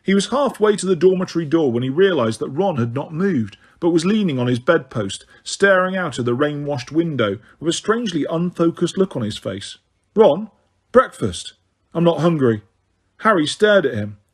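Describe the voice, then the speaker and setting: Male audiobook reader, husky voice, lively pitch, a little high. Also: a little fast, hardly any pauses. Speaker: audiobook narrator. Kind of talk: audiobook narration.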